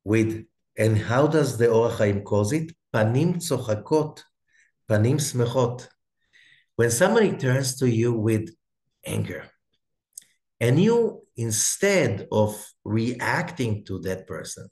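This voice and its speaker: Animated rabbi teaching in an echoey room. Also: male voice, mid-range voice. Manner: reads Hebrew quickly, then explains in English with restarts; drops to a soft near-whisper for emphasis. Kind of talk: Torah lesson.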